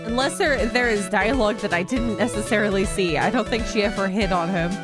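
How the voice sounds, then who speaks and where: A woman's voice: medium pitch, a little fast. A woman VTuber chatting casually and giggling while playing through a story game and reading its dialogue aloud. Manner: chatty, giggly, self-mocking. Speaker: VTuber streamer. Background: loud game music.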